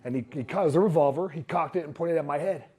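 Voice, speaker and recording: A man giving a motivational talk to a live audience, telling his story in an animated way and acting out what others said. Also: fairly high pitch, fast talker, breathy edge. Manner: animated storyteller who acts out quotes. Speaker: speaker.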